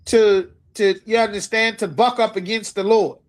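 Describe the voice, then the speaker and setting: A man teaching a scripture class, speaking emphatically and asking his listeners if they understand. He reads verses slowly, then explains them in everyday talk. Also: high-pitched, steady tone. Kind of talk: scripture lecture.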